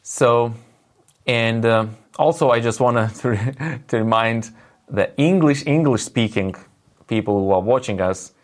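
A man with a Lithuanian accent hosting a livestreamed business meeting, speaking haltingly with many fillers and restarts. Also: mid-range voice. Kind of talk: livestream pep talk.

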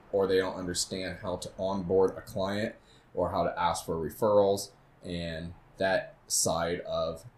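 A man, a fitness trainer co-hosting a podcast, talking in a rambling, laid-back way that drifts quiet. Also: sits low, roomy sound. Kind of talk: casual chat.

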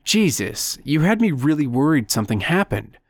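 Hoarse sleepy man woken at night, as the narrator reads him, impatient, dry close sound. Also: fairly high pitch, sing-song, normal speed, dry recording. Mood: tired.

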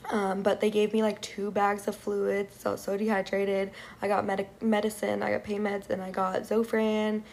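Young woman, gravelly fry, casual vlog rant, swears a lot, lots of "like". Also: medium pitch, level tone, moderate pace, few pauses, a little mellow. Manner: frustrated, profane, filler-heavy with many "like"s. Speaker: vlogger.

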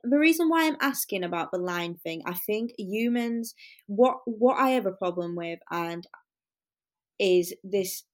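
A woman in her early twenties talks things through on a podcast in a mid-pitched voice. She is reflective, using lots of fillers as she shapes her thoughts. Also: lively intonation, measured pace. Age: 20s. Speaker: podcast co-host. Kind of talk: casual chat.

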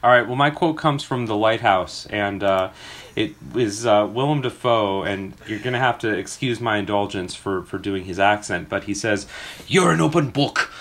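A man's voice: fairly low pitch, moderate pace, fairly bright tone. A man co-hosting a casual movie podcast, easygoing and enthusiastic. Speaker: podcast co-host.

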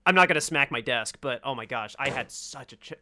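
A man chatting about a movie he loved, enthusiastic and quick to laugh. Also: mid-range voice, expressive, sharp tone. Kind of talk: casual movie review chat.

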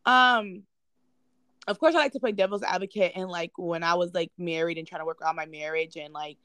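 A woman's voice: on the low side, brisk, pushed and bright, dry recording, clean studio sound. A young woman, co-hosting a casual podcast chat, blunt and playful. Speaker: podcast co-host.

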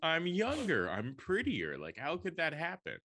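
A man's voice: a little high, huge pitch swings, a little slow, sharp tone, slight background noise. A man co-hosting a podcast, chatting casually with teasing banter. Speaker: podcast co-host.

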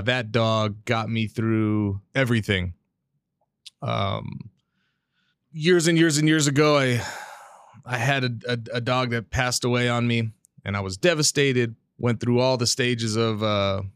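On his solo podcast, a man with a smooth, low-leaning voice talks candidly and rambles, frequently restarting his sentences and dropping casual swears. He's close to a studio mic fitted with a pop filter, and there's no echo.

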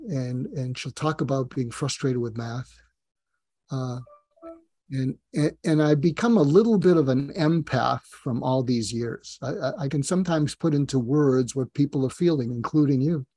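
A man's voice: medium pitch, a little mellow, dry recording. A man guest on a podcast, earnestly telling a long story and acting out the dialogue. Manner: earnest, speaks in long anecdotes with quoted dialogue. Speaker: guest psychiatrist and author. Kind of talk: reflective storytelling.

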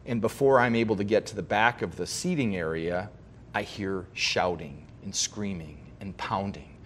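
A male pastor giving a sermon, telling a personal story in a halting, heartfelt way with frequent restarts. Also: sits low, a little hiss or hum.

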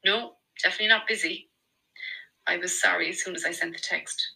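A woman's voice: on the low side, steady tone, brisk, gravelly, sharp tone, full character voice, poor audio. A woman doing a coy, bubbly Irish girlfriend. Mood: chatty.

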